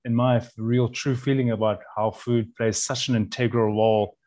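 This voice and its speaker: A man's voice: mid-range voice, level tone, moderate pace, darkish tone. A man who is a chef, speaking as a podcast guest in an earnest, rambling way with frequent restarts. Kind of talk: casual conversational interview.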